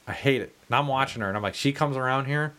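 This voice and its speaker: A man's voice: medium pitch, quick pace, clean tone. A man telling a bar story in casual chat, swearing freely and acting out what people said. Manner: profane, animated storyteller, acts out quotes.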